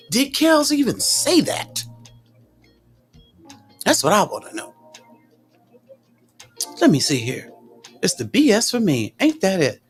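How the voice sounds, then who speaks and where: A woman's voice: medium pitch, measured pace, long pauses, faint music behind. A woman doing casual livestream commentary, sassy and indignant, answering viewers' comments. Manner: animated, sassy and indignant, talks back to viewers.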